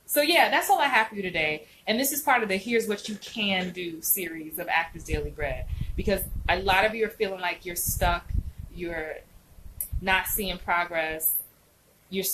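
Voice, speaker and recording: A woman's voice: lowish voice, moderate pace, a bit bright, slight background noise, low-quality recording. A woman acting coach hosting a casual live stream, chatting animatedly and answering viewers' comments by name.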